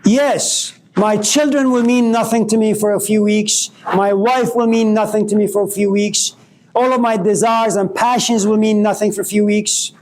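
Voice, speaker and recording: A man's voice: sits high, fairly even intonation, moderate pace, darkish tone, poor audio. A man giving a philosophy lecture, posing provocative rhetorical questions.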